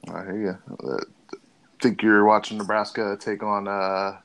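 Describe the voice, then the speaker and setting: A man's voice: lowish voice, little pitch movement, a little slow, a bit bright. A man co-hosting a podcast, easygoing, prompting his partner with fillers. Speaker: podcast co-host. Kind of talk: casual chat.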